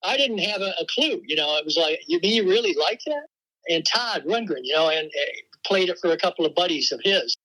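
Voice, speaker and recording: An older man, a veteran rock drummer, telling stories in a relaxed interview and laughing often. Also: on the high side, a little fast, poor audio. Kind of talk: casual interview talk.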